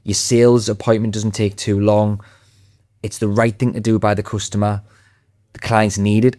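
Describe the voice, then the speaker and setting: A man with a low voice talks through a podcast interview in a confident, emphatic way. The sound is dry and close, with no room around it. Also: flat delivery, moderate pace, a little mellow, no room sound. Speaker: podcast guest, sales trainer.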